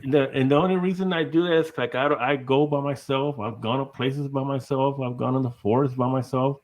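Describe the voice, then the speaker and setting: A middle-aged man from Texas talks as a podcast guest, loose and rambling. He laughs often and strings his thoughts together with "you know". His pitch sits in an ordinary middle range. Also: steady tone, brisk, darkish tone, rough recording. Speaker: guest, paranormal investigator. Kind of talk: casual podcast chat.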